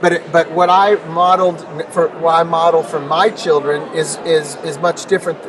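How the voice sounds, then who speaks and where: A middle-aged man, guesting in an interview, tells personal stories emphatically, repeating words and building rhetorical questions. His fairly high voice is delivered flatly at a moderate pace, caught by a distant mic with noticeable noise.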